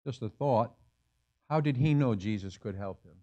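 Male pastor, mid-pitched, conversational sermon, lots of rhetorical questions. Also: moderate pace, warm tone, highs cut off. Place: church sanctuary.

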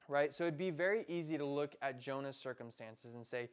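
Casual young American youth preacher. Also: male voice, medium pitch, steady tone, fast, hardly any pauses, clear, resonant tone. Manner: casual, conversational preaching with frequent "right?" and "like". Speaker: youth pastor. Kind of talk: sermon to middle schoolers.

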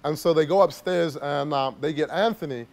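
High, gravelly voiced man telling a story. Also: normal speed. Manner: rambling, heavy use of "like", laughs while telling. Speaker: travel vlogger. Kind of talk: casual storytelling to camera.

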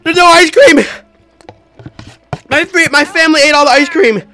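A man's voice: very high-pitched, moderate pace. A young man playing a game for his channel while eating hot sauce, talking in casual slang and yelping and groaning from the spice. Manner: excitable, yelps and groans from the spice. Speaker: gaming YouTuber. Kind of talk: gaming vlog with hot sauce challenge.

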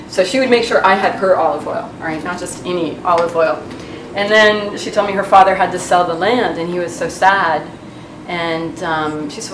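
A woman anthropologist speaks in a documentary interview, her fairly low voice steady and at a normal speed. She talks reflectively and conversationally, saying "you know" a lot and dropping in Arabic phrases. The background is noisy, with music playing under her voice.

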